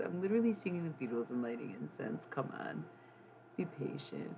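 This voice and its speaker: A woman's voice: on the low side, animated, a little slow, vocal fry, pauses often, noisy background. A woman hosting a casual livestream from her desk, playful and rambling, now and then singing bits of songs. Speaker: livestream host. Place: home room at a desk.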